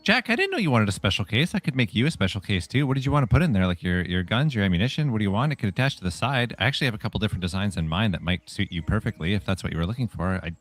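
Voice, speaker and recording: A man taking part in a tabletop role-playing game, eager and talking quickly. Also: lowish voice, animated, soft background music. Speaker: player.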